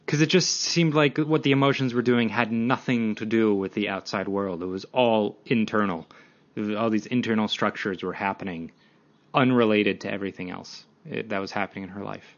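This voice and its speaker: A man's voice: lowish voice, brisk. Rambling young man, lo-fi mic. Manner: rambling, self-mocking, animated. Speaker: podcast host. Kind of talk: casual solo podcast rambling.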